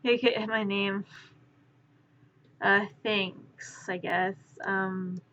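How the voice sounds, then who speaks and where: A woman streamer chatting casually with viewers while she crafts, rambling and distracted, sometimes muttering softly to herself. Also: mid-range voice, steady tone, very slow, a little hiss or hum. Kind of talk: casual live-stream chat. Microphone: wearing headphones. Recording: dull lo-fi stream audio.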